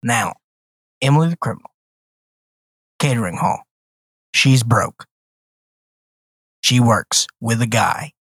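A podcast co-host with a husky, medium-pitched voice speaks slowly and pauses often, with no room sound in the recording. Chatting casually on a movie podcast, he jokes animatedly and retells a film's plot, acting out quotes.

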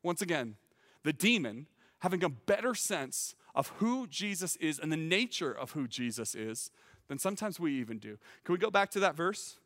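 A man preaching a sermon in an earnest, emphatic way, often repeating words as he starts a phrase. His voice sits a little high for a man. A long hall reverb trails behind him. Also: very animated, normal speed, a bit bright. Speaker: teaching pastor.

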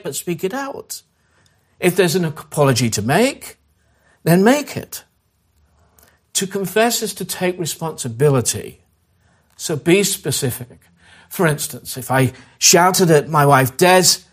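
A man preaching a sermon as a pastor, earnest and direct, repeating key phrases and urging listeners, who drops to a soft, slow voice when leading prayer. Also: a little high.

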